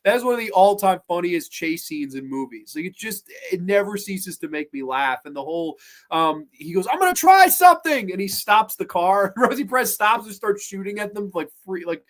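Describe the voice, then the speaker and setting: A man hosting a podcast, retelling comedy scenes in an animated, profane, casual way. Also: sits high, moderate pace. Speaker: podcast host. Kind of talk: casual movie chat.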